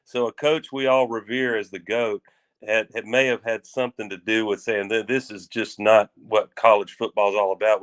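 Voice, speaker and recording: A man with a somewhat low voice talks sports at an easy, rambling pace. He is folksy and stretches his phrases, often restarting mid-sentence. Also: little pitch movement, normal speed. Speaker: sports radio co-host. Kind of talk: casual sports talk.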